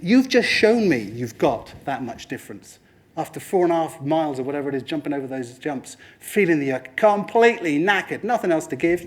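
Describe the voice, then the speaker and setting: Animated high-voiced man presenting. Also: fairly quick. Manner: animated, putting on other people's voices in quoted asides. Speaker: speaker at a training talk. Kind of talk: lively motivational presentation.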